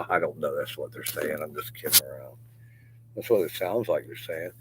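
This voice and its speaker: Brief: older man, deep low voice, profane confessional livestream rambler, faint hum behind. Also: normal speed. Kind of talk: rambling casual livestream monologue.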